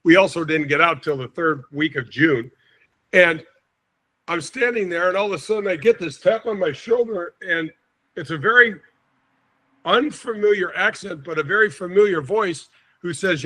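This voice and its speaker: A man in his sixties from St. Louis, a podcast guest telling an animated anecdote and acting out the quotes. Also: sits high, normal speed. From St. Louis, USA. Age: 60s. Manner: lively storyteller, acts out quotes, chuckles often.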